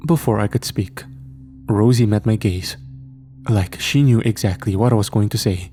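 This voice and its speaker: A man reading a scripted horror story in a slow, measured way. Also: on the low side, warm tone. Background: faint background music.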